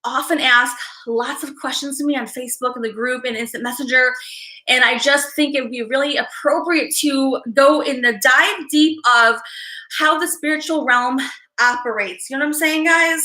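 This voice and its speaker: A woman's voice: high voice, moderate pace, bright, forceful tone, roomy sound, rough recording. A woman psychic hosting a live stream, talking casually and emotionally to viewers, rambling with sighs and restarts.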